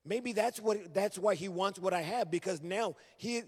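A man's voice: high-pitched, moderate pace, breathy edge. A middle-aged man preaching a sermon as a guest, telling his story earnestly and acting out remembered conversations. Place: church sanctuary. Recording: long reverb of a large hall.

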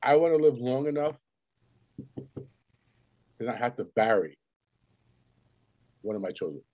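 A man's voice: medium pitch, animated, measured pace, darkish tone. A man co-hosting a podcast, joking around in casual banter and swearing freely. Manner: profane, joking, laughs often. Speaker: podcast co-host.

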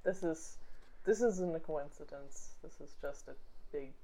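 A woman's voice: deep voice, unhurried, warm tone, rough recording. A woman playing the captain in a tabletop game, with dry, offhand replies. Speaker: player voicing the captain. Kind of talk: tabletop role-play chat.

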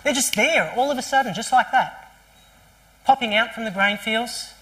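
Lively storytelling preacher. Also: medium pitch, moderate pace. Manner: lively storytelling with restarts and rhetorical questions. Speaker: pastor. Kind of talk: sermon. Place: church service.

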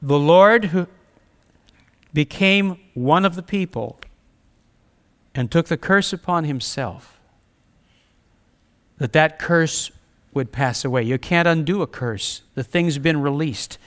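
A man's voice: fairly high pitch, takes it slowly, long pauses. A man preaching a sermon, reading scripture aloud and speaking earnestly with repetition for emphasis. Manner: reads scripture aloud, conversational asides.

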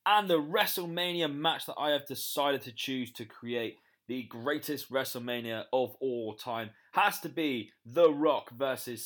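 A man's voice: medium pitch, a bit bright. A young British man with a British accent, upbeat and promotional as a guest pick on a wrestling podcast. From Britain. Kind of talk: pre-recorded podcast segment.

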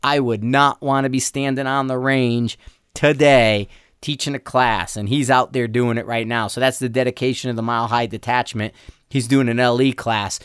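A man's voice: mid-range voice, fairly even intonation, moderate pace, fairly bright tone, clear, resonant tone, no echo, studio quality. A man hosting a casual solo podcast, rambling and joking with lots of stammered restarts. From Denver area, USA. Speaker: podcast host. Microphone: podcast mic.

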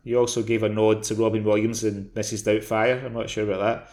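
A man's voice: on the low side, level tone, a little fast, darkish tone. A man co-hosting a podcast, chatting casually about a film and often repeating words as he goes. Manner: conversational, stumbles and repeats words. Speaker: podcast co-host. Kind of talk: casual film-review chat.

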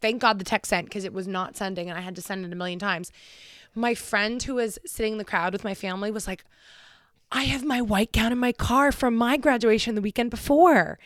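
Young woman, casual storytelling, swears a lot, dry close sound, middle pitch. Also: brisk, dry recording. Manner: profane, animated storyteller.

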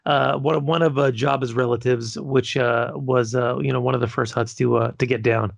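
A man's voice: mid-range voice, steady tone, normal speed, creaky, no echo. A man hosting a podcast, working through a ranked list in a laid-back way with lots of fillers and some swearing. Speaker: podcast host reading a list. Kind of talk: casual podcast list rundown.

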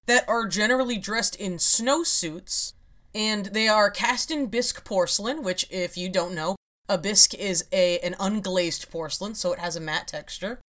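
A woman's voice: medium pitch, moderate pace, fairly bright tone. A woman hosts a casual podcast chat. She explains her topic in a wry, rambling way, with frequent laughs. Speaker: podcast host.

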